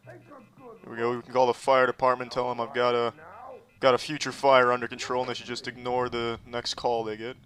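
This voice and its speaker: A man in his thirties giving deadpan, profanity-laced commentary while playing a game. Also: medium pitch, fairly quick, faint music behind. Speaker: streamer. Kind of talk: gameplay commentary.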